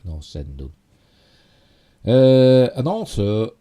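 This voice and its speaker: A man with a Yorkshire accent, from Yorkshire, England, talks at a moderate pace in a fairly low, warm voice that swings widely in pitch. He's hosting a casual live stream, rambling over geek news and scattering "you know" and tag questions throughout.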